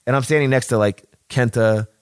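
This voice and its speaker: A man in his thirties, his medium-pitched voice smooth and brisk, chats casually on a podcast. He tells long, animated stories full of swearing, performing other people's dialogue as he goes.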